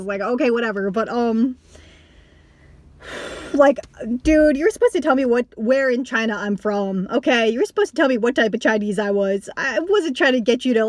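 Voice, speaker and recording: A woman's voice: a little high, dry recording. A young woman vlogging casually to camera, rambling with lots of "like", restarts and swearing, breaking into laughter at times. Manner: animated with bursts of laughter.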